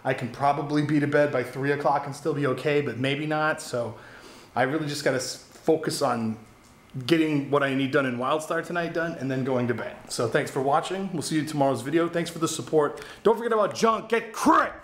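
A man's voice: on the high side, fairly even intonation, brisk, echoey room. A man who makes gaming videos, talking casually and candidly to camera in a rambling vlog, swearing now and then. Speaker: gaming YouTuber.

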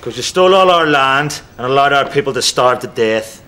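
A man's voice: medium pitch, animated, fairly quick, bright, forceful tone. A man with an Irish accent playing a cheeky, laid-back decorator in a sitcom. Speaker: painter. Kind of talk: sitcom acting.

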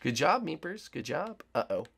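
Gravelly young man doing game play-by-play. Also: a little high, big pitch swings, normal speed, fairly bright tone, slight background noise. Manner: sportscaster-style play-by-play, teasing players. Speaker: gaming YouTuber. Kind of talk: excited gameplay commentary.

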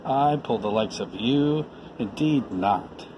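A man voicing a haughty, snooty male passenger engine in a storybook, slow and drawn out. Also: mid-range voice, expressive, highs cut off, background noise.

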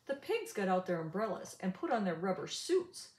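An older woman reading a rhyming picture book aloud in an animated, sing-song way. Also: mid-range voice, normal speed, echoey room, a little hiss or hum. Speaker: storybook reader.

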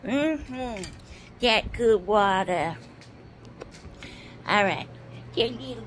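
A woman's voice: on the high side, expressive, slow pace, music in the background. A woman making a playful home video, cooing and sing-song as she plays pretend with toys and pets. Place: home, indoors. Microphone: phone camera. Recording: noisy home phone recording.

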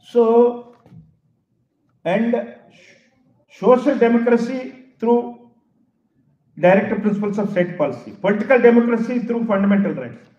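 A man's voice: extremely high pitch, dark tone, highs cut off. Male professor, emphatic speech, roomy echoey hall. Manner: emphatic, repeats key phrases, deliberate. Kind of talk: public lecture.

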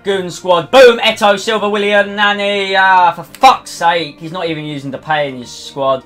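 A young man commentating his own football video game match, swinging between low muttering and swearing, shouting outbursts. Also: fairly even intonation, moderate pace, few pauses, faint music behind. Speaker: gaming YouTuber. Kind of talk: live gameplay commentary.

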